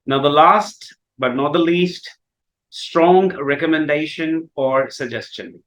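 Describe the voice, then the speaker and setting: A man's voice: fairly high pitch, fairly bright tone, poor audio. A man whose first language is Urdu, explaining English grammar in a lesson and often repeating and rephrasing himself. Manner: repeats and rephrases himself, slow deliberate examples. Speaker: English teacher.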